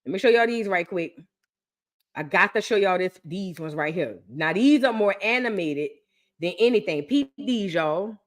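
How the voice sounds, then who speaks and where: A young woman chatting excitedly with her viewers on a live stream, repeating phrases for emphasis. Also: medium pitch, moderate pace. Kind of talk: casual live-stream chat.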